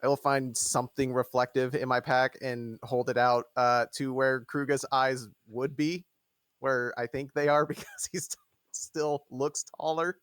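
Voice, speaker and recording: A man's voice: medium pitch, flat delivery, measured pace, a bit bright, clear, resonant tone, dry recording. Man, tabletop player, jokey, muttering, dry sound. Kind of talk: casual chat at a tabletop game.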